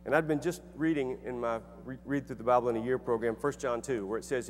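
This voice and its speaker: A man's voice: medium pitch, fairly even intonation, fast talker. A middle-aged man telling a personal story to an audience in an earnest, conversational way, with restarts and fillers. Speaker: speaker and author. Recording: echoey hall with faint hum.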